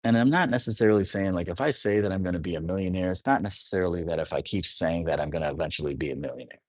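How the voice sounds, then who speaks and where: A man's voice: low voice, racing, no room sound. A man talking through astrology in a casual, rambling monologue, often checking in with the listener. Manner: rambling, conversational, often asks "you know what I'm saying". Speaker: astrology teacher.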